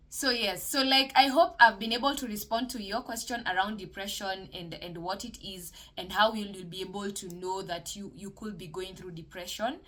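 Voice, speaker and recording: A woman's voice: mid-range voice, fairly bright tone. A woman hosting a solo podcast, talking casually and encouragingly about mental health and faith, with many fillers and restarts. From Kenya.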